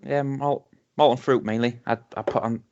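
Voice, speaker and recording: An English man co-hosts a casual whisky-tasting podcast, rambling with lots of restarts and ums. His mid-range voice is fairly even, darkish and at normal speed, captured in dull lo-fi home podcast sound.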